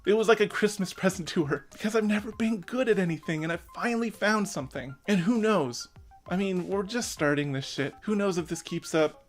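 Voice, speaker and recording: A man's voice: high voice, a little fast, soft background music. A man in his thirties giving an earnest, emotional personal rant as a vlogger, swearing now and then. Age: 30s.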